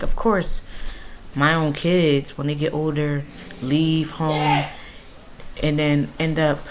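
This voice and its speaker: Young woman, low voice, candid casual storytime straight to camera at home. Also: a little hiss or hum. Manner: candid, chatty, occasional cursing. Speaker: vlogger. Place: home, indoors.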